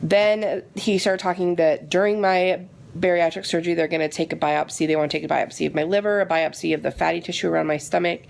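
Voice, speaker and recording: A woman vlogging casually and retelling her day in a chatty, animated way, with a frustrated edge. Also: on the low side, quick pace, creaky, slight background noise. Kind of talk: casual vlog chat.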